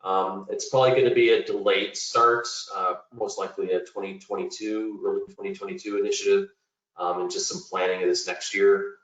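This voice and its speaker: A man's voice: sits low, fairly even intonation, brisk. A man, a technology executive, introducing himself on an online panel in a matter-of-fact way. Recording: roomy, distant, muffled call audio.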